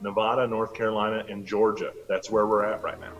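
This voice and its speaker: A man's voice: fairly low pitch, level tone, brisk, distant mic, lo-fi sound, soft background music. A man co-hosting a live stream, giving dry, matter-of-fact election updates. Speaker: co-host.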